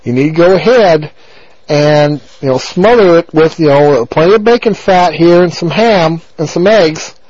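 A man on a dull, lo-fi radio broadcast, his voice sitting a bit high for a man. He rambles on in a crude, abrasive way, looping back on the same filler phrases. The mic is close and dry. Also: normal speed, darkish tone, dry recording. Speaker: talk radio host. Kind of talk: rambling on-air monologue.

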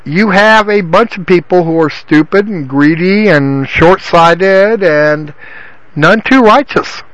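Speaking slowly in a high, fairly bright voice, a man rambles through an informal Bible teaching, restarting often and repeating himself with fillers like "you know." The audio is poor, though there's no echo.

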